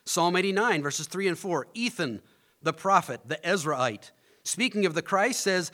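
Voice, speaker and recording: Pastor, male, higher voice with a lively, swinging delivery; preaches and quizzes the congregation. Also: moderate pace. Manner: animated preaching, rising to emphatic peaks, asks the congregation questions. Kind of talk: sermon.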